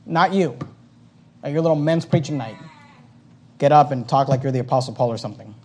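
A middle-aged man, a pastor, giving a fervent and emphatic sermon that swings from loud exhortation to soft prayer. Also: medium pitch, fairly quick.

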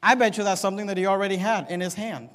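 A man preaching a sermon to his congregation, swinging between loud, emphatic declarations and quiet, conversational storytelling. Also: high voice, steady tone, racing, big-room sound. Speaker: pastor. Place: church sanctuary.

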